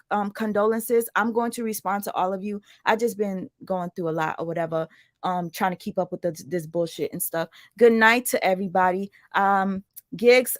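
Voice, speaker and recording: A woman's voice: medium pitch, dry recording, clean studio sound. A woman chatting casually to her livestream viewers, rambling through asides and greetings to viewers by name. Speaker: livestream commentator.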